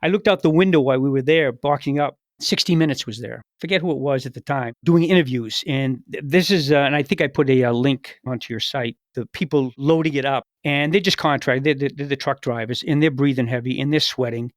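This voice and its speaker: An older American man, a retired agent, telling a case story in a lively conversational way, acting out the people he quotes. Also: mid-range voice, a little fast, hardly any pauses, no echo, clean studio sound. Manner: animated retelling, acts out quoted voices. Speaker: retired FBI agent, guest.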